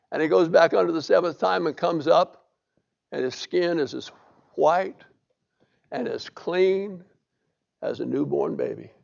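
A man's voice: fairly high pitch, vocal fry, a little mellow. A man preaching a sermon, telling the story in a folksy way and reading scripture aloud. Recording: dull lo-fi recording.

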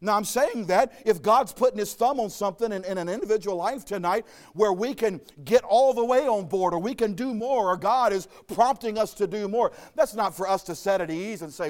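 A man from Arkansas delivers a sermon in a notably high voice, folksy and full of joking asides. He drifts into homey personal stories as he preaches. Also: fairly quick, few pauses.

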